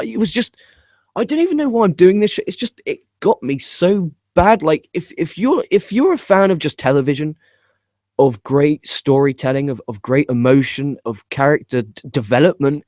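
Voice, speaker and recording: A man's voice: mid-range voice, no echo. Young guy, wrestling podcast rant, sweary, keeps restarting sentences, dry sound. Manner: excitable, swears, stumbles and repeats words. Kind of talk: casual video commentary.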